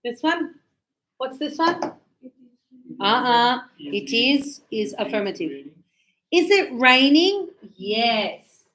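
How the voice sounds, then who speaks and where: A woman teaching an English grammar lesson to a class, speaking slowly and deliberately and sounding out words for her students. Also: a little high, big pitch swings, fairly bright tone. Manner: slow, deliberate, models pronunciation.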